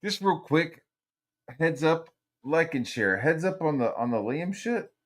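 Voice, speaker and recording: A man streaming casual commentary, rambling and profane, swinging between loud rants and low mutters. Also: lively intonation, measured pace.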